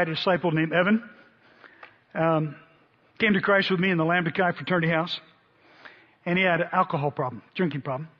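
A man preaching a sermon, telling a story with lively acted-out quotes. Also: sits high. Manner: animated storyteller, voices quotes loudly. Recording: dull sound in a long-reverb hall.

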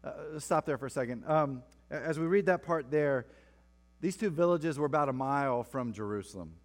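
A man's voice: fairly high pitch, moderate pace. A man preaching a sermon, reading scripture and breaking off for playful asides. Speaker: pastor. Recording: long reverb of a large hall.

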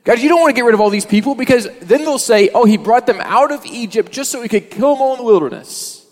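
A man's voice: extremely high pitch, lively intonation, fast talker, darkish tone, big-room sound, voice pushed up. A man voicing a pleading prophet Moses, in a strained, urgent way.

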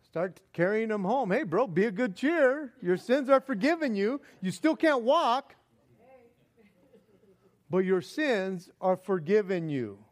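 A man's voice: high-pitched, very animated, slow pace, full character voice. A male preacher voicing an exasperated man, friend of a paralytic, who complains in disbelief. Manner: incredulous, complaining.

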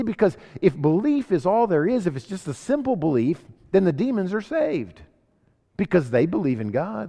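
A man's voice: a little high, darkish tone. A man preaching a sermon as pastor, asking rhetorical questions and building emphasis. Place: church sanctuary. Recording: long hall reverb.

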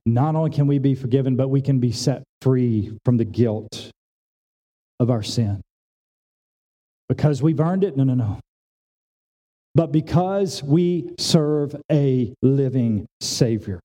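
Speaking slowly and pausing often, a pastor gives a church sermon built on plain talk and everyday examples. Some lines rise with emphasis while others fall to a hush.

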